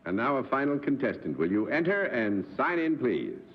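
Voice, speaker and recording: A man hosting a television panel game show, courteous and formal, on an old broadcast recording. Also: normal speed. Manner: courteous and formal, lively pitch. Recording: dull old TV broadcast with clear hiss.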